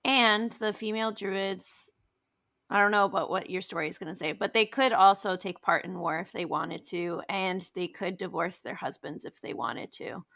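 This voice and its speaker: A woman's voice: medium pitch, moderate pace, vocal fry, bright, forceful tone. A woman co-hosting a podcast, chiming in casually with questions and short agreements. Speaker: podcast co-host. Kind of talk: casual conversational chat.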